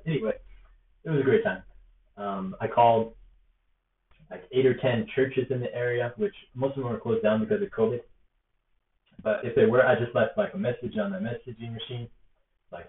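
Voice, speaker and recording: A man's voice: mid-range voice, steady tone, a little fast. A young man telling a story in a casual, earnest, rambling way, with lots of fillers, recorded on a laptop. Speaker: rally organizer. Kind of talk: casual spoken reflection to camera. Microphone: laptop or tablet built-in mic. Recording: echoey, distant, phone-like tinny sound.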